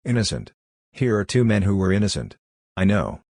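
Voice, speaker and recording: A man's voice: on the low side, very animated, normal speed, creaky, a little mellow, no room sound, clean studio sound, full character voice. A man reading the part of a distraught young male thief on death row, pleading and desperate.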